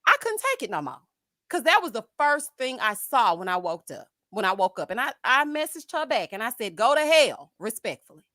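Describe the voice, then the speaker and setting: A woman's voice: a little high, very animated, brisk, sharp tone, dry recording, studio quality. Sassy Southern woman with a twang. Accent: Southern US, Texas. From Houston, Texas. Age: around 40. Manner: sassy, dramatic, calls listeners honey and child. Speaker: YouTube commentary host. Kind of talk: animated casual rant.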